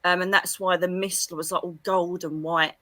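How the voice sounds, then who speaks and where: A middle-aged English woman, a psychic medium guest, telling her story in an interview with a lively, expressive manner. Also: fairly low pitch, normal speed, no echo. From England. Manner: lively, expressive, acts out quoted dialogue.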